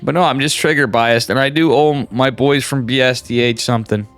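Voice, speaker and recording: A man in the middle of the pitch range calls a competitive match live, chatty and profane, hyping players and joking with viewers. Faint music runs underneath his voice. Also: fairly even intonation, fairly quick, a bit bright. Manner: casual, profane, hyped streamer banter. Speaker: esports caster. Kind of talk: live game commentary.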